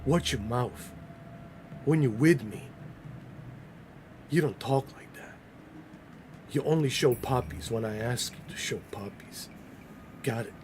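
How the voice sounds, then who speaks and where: Joking gaming streamer, faint hiss. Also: male voice, mid-range voice, slow pace, pauses often. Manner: loose and joking, banters with chat and the game. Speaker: gaming livestreamer. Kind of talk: casual live commentary.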